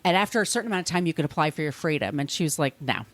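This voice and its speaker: A woman's voice: deep voice, very fast, dry recording. Woman casually retelling a history story. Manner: rambling, conversational, frequent restarts and swearing. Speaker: podcast host telling a history story.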